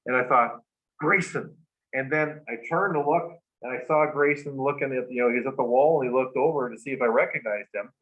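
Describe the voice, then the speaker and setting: Man, interview guest, halting storytelling, many fillers, middle pitch, slightly muffled lo-fi audio. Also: a bit bright. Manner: halting, many fillers and restarts, laughs along.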